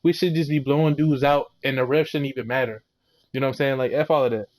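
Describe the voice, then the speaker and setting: A man's voice: medium pitch, steady tone, fast talker. A young man ranting a football recap, heated and exasperated, full of slang and mocking quotes. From Florida. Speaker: sports vlogger.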